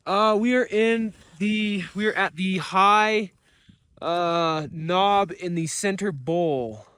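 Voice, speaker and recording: A man on a windy high mountain, cold and tired, talking casually and hesitantly with many fillers. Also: slow pace, fairly bright tone, clean tone. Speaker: mountain biker on expedition. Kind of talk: casual vlog chat.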